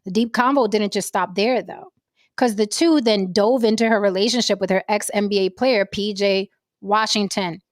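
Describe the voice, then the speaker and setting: A woman's voice: medium pitch, normal speed, dry recording, studio quality. A woman hosting a podcast, ranting about celebrity gossip in a brash, profane, blunt manner. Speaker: podcast host.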